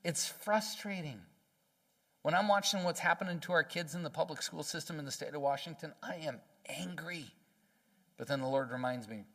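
A man preaching a sermon as pastor, emphatic and folksy, acting out quotes in lively voices. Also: fairly high pitch, moderate pace, long reverb tail.

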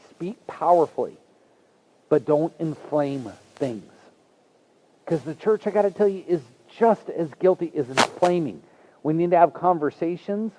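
A man's voice: a little high, warm tone, slight background noise, poor audio. A man preaching a sermon as a pastor, earnest and conversational, with folksy asides to the congregation.

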